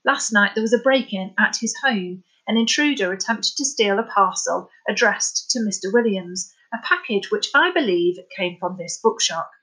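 A woman's voice: mid-range voice, animated, moderate pace, hardly any pauses, pushed and bright, slightly rough, low-quality recording. A woman voicing a stern male police detective inspector who talks with menacing authority in an audiobook.

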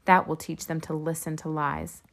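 A woman reading the part of a scornful male king, slow and emphatic. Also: sits low, completely flat delivery, gravelly. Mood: commanding.

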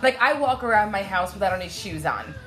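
A woman in her late thirties, a guest on a casual podcast, telling animated stories and laughing often. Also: medium pitch, fairly quick, over music. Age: 30s. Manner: animated storyteller, laughs a lot. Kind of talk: casual chat.

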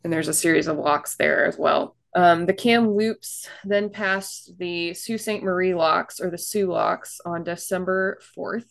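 A woman with a low, gravelly voice tells a story on a casual podcast. She reads out facts in a chatty way, dropping fillers and little asides as she goes. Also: measured pace, few pauses. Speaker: podcast co-host telling a shipwreck story.

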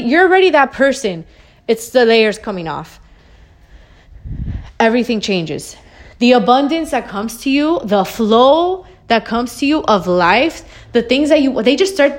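Woman ranting on her podcast, kinda high voice, swears a lot, repeats herself for emphasis, bit out of breath. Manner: blunt, swears freely, emphatic repetition. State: a little out of breath. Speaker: podcast host. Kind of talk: solo motivational rant.

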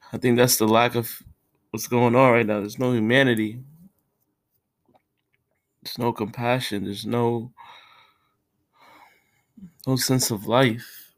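A tearful man talks alone on his podcast from his own room. His speech is halting and full of heavy sighs and restarts, and he uses casual street slang. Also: mid-range voice. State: tearful, has been crying. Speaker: podcast host. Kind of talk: casual solo podcast talk.

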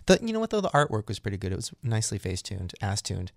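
A man's voice: fairly low pitch, huge pitch swings, very fast, creaky, no room sound. A man co-hosting a casual chat show, telling crude, gossipy stories and acting out the people in them. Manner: gossipy, crude, acts out voices in anecdotes. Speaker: podcast co-host.

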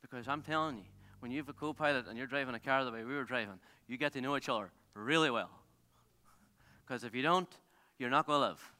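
A man preaching a sermon as pastor, telling stories in an animated way with many restarts. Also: medium pitch, fast talker. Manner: animated storytelling, self-interrupting with restarts and laughs. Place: large theatre used as a church. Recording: long hall reverb.

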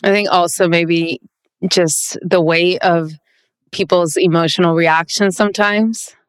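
Woman, gentle, tentative, smooth voice, lowish pitch, dry sound. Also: steady tone, unhurried, no echo. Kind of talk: casual chat.

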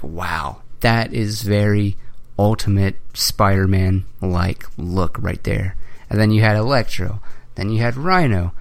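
A man's voice: lowish voice, smooth, dry recording. A man hosting a podcast, chatting casually and ranting in a rambling way, with swearing. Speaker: podcast host.

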